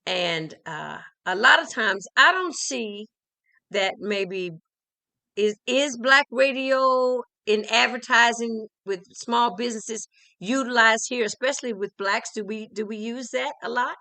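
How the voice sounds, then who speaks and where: A woman hosting an interview, chatty and quick to affirm her guest. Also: a little high, bright, forceful tone. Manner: chatty, affirming with okay and right. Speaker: interview host. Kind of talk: conversational interview.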